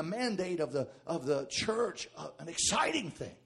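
A male pastor preaching a sermon, dropping to a hush and then rising to shouted, fervent peaks. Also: on the high side, sing-song, moderate pace, vocal fry. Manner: swings from hushed to shouting.

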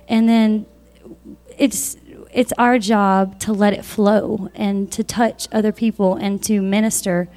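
A woman addresses her congregation from the pulpit, giving thanks for each person in the body. Her voice is of middle pitch and she talks in a loose, conversational way, pausing with small fillers. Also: a little mellow. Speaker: church member sharing thanks. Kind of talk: church testimony from the pulpit.

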